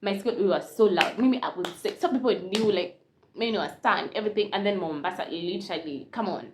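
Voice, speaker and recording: A young Kenyan woman telling a casual storytime, switching between Swahili and English, animated and laughing often. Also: medium pitch, quick pace, a little hiss or hum. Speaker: vlogger.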